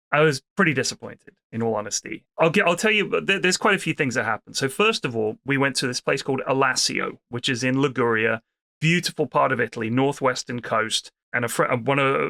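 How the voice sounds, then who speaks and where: A man's voice: medium pitch, gravelly, no echo, clean studio sound. A man from the UK co-hosting a podcast, telling holiday stories in casual chat, swearing freely and acting out the people he met. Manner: animated, swears freely, acts out people in anecdotes. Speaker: podcast co-host.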